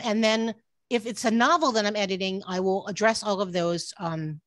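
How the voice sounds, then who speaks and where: A woman's voice: mid-range voice, dry recording. A woman editor talks through her craft over a video call, earnest and full of restarts and "um"s. Her voice sits in a middle range and sounds close and dry, with no room around it. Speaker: book editor giving a talk. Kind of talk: online workshop presentation. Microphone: computer mic on a video call.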